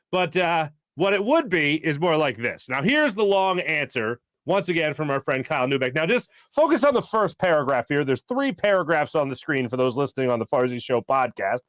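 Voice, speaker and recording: A man hosting a sports talk show, talking fast and breaking into quick impressions when he quotes people. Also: a little high, no echo, studio quality. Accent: Philadelphia. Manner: animated, jumps into voices for quotes. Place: studio.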